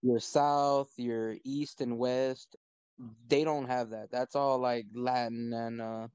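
A young man from Texas with a Texan accent, talking bluntly and swearing casually in a relaxed chat. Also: medium pitch, slow pace, clean tone, dry recording. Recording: dry, dull lo-fi sound.

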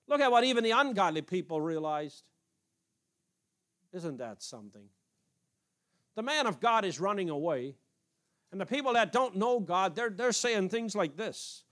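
A man from an Amish background preaching, reading scripture aloud and commenting in a halting, repetitive way. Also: sits high, lively intonation, fairly bright tone. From Amish community. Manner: halting, repeats words while reading aloud. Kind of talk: informal sermon reading scripture.

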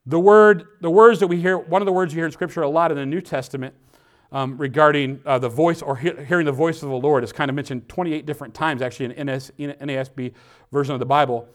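Lively preaching man, slightly high voice. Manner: animated preaching, swinging between loud emphasis and quiet asides; reads scripture aloud slowly and emphatically. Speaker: pastor. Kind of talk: sermon.

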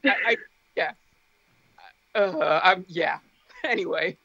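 A woman's voice: lowish voice, takes it slowly, vocal fry, a bit bright, dry recording, lo-fi sound. A young woman co-hosting a casual podcast, blunt and sweary, laughing often. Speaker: podcast co-host.

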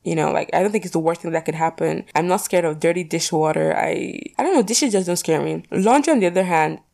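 A woman's voice: fairly low pitch, fast, creaky, warm tone. A young woman vlogger chatting casually through poll questions, rambling with lots of fillers and casual swearing.

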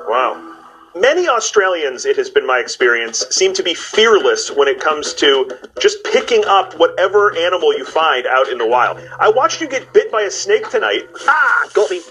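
A man's voice: on the high side, normal speed, slightly rough, rough recording. A man in his forties hosting a show, chatting playfully with a guest and narrating segments. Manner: playful, joking, lively delivery. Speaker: host. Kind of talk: energetic TV host chat and narration. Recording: music bed under the voice.

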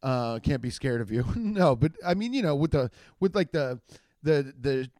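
A man's voice: medium pitch, lively intonation, moderate pace, darkish tone, dry recording, clean studio sound. A man doing a loose, crude comedy monologue, swearing often and laughing at his own jokes. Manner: trails off and restarts a lot.

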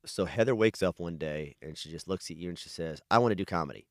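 A man's voice: low-pitched, quick pace, no echo, clean studio sound. A man sitting in as guest co-host on a podcast, bantering in a jokey way. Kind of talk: casual banter.

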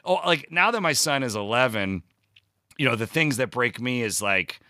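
Bright-voiced man telling funny stories. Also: mid-range voice, lively intonation, normal speed, no echo, clean studio sound. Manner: swears freely, self-deprecating and jokey. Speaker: podcast guest, comedic actor. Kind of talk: casual chat, storytelling.

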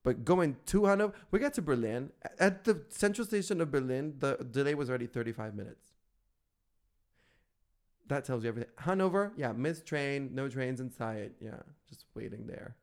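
A man with a voice of middling pitch co-hosts a podcast. He talks casually and tells stories with campy flair, animated and quick to laugh. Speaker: podcast co-host. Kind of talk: casual chat.

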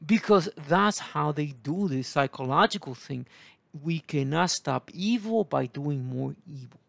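A man, preaching in a rambling, halting way full of fillers and asides. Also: on the high side, animated, gravelly, a bit bright, no room sound. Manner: digressive, halting, many fillers. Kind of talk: rambling Bible teaching.

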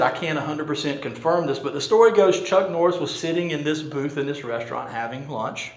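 Conversational preacher, roomy echo. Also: male voice, on the high side. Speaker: pastor. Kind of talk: sermon.

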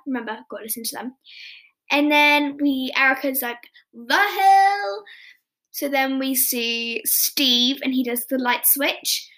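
A woman hosts a podcast, recapping scenes in a loose, chatty ramble full of restarts and self-corrections. Her voice sits high. She talks casually, as if chatting with friends. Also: fairly bright tone. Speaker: podcast host.

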